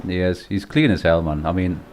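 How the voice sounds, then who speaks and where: A man's voice: deep voice, a little fast, a little mellow, slight background noise. Chatty man commentating a race stream. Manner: chatty, laughs often, swears casually. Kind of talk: casual live-stream commentary.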